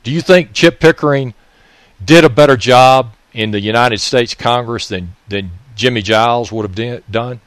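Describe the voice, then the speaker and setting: A man's voice: mid-range voice, moderate pace, no room sound. A man with a Mississippi Southern accent, delivering an angry political monologue. He raises his voice, uses profanity and keeps scolding listeners with repeated questions. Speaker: political commentator.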